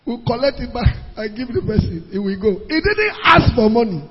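High-voiced preacher, husky. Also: male voice, big pitch swings, measured pace, long pauses. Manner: emphatic, repeats words for stress, sometimes loud and rising. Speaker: pastor. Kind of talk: sermon. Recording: muffled sound with long hall reverb, faint music.

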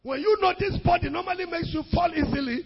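A man preaching a sermon as pastor, rising into sung and shouted emphasis. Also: very high voice, quick pace, gravelly, big-room sound, muffled recording.

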